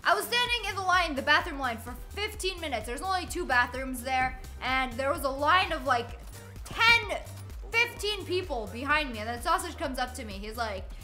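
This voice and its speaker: A young woman streamer rambles through a story while she plays, breaking off to curse at the game and laugh. Her voice sits high and bright. Faint music plays underneath. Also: lively intonation, moderate pace. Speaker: gaming streamer. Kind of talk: casual storytelling while playing.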